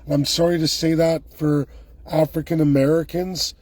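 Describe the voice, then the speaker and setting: A man's voice: fairly high pitch, little pitch movement, moderate pace, darkish tone, no echo. A man delivering a heated, emphatic and sarcastic political rant, speaking straight to his viewers. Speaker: political commentator.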